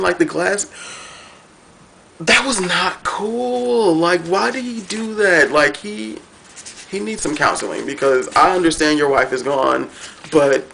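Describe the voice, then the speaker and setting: A man excitedly reviewing a cartoon finale at home, gushing and rambling with lots of fillers. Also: a little high, gravelly, a little hiss or hum.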